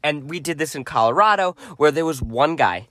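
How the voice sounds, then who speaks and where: A man's voice: fairly high pitch, lively intonation, fairly quick, a bit bright, no echo, studio quality. A young man co-hosting a podcast in casual chat, who steers the story and cuts in with asides. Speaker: podcast co-host.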